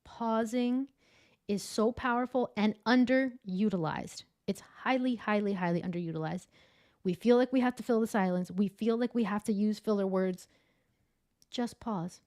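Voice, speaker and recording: An enthusiastic woman speaks as a guest over a video call, explaining with energy. She talks in a lively, chatty teaching manner, often using filler words. Her voice sits at a middling pitch. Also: moderate pace. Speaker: guest, adjunct professor of public speaking. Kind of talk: casual interview chat.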